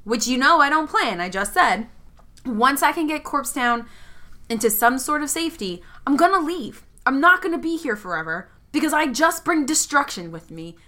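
A woman's voice: high voice, lively intonation, moderate pace, pushed and bright, pitched above the performer's own voice. A woman voicing her young female character in a tabletop game, an earnest leader who apologizes and then confronts. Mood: remorseful.

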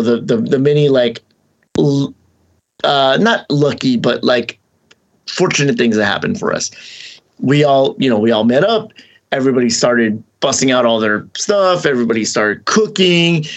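A man hosting a podcast, telling a long story in casual chat, rambling and animated, acting out the voices of the people he quotes. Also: medium pitch, highs cut off. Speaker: podcast host.

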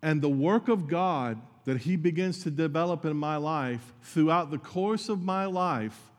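A man's voice: fairly high pitch, a little slow, in a large hall. A man preaching a sermon as pastor, earnest and conversational, with asides to his congregation.

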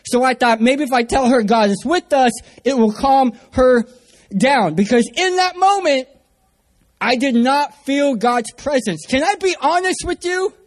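High-voiced man preaching with humor. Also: animated, a little slow. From San Diego area, US. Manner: self-mocking humor. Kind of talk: storytelling sermon.

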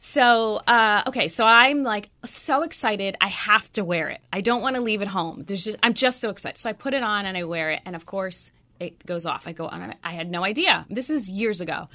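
Radio host, woman, middle-aged; bright, chatty, anecdotal delivery. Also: mid-range voice, lively intonation, normal speed, hardly any pauses. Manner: chatty, anecdotal, frequent fillers. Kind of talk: casual chat.

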